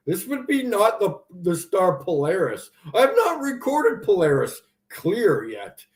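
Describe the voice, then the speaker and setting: A man's voice: high voice, huge pitch swings, a little slow. A man hosting a livestream, ranting sarcastically and with exasperation as he answers viewers' comments. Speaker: livestream host. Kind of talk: ranting live stream commentary.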